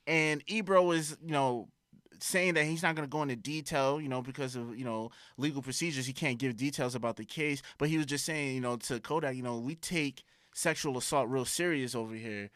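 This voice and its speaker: A man's voice: mid-range voice, brisk, a bit bright, no echo, clean studio sound. A man co-hosting a podcast in casual chat, laid-back and slangy, retelling stories. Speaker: podcast co-host.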